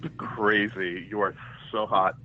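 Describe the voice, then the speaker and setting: A man's voice: on the low side, fairly even intonation, a little slow. A man from New York calling in to a live show, chatty and enthusiastic as he makes a comment. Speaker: caller. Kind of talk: casual call-in comment. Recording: dull lo-fi phone call.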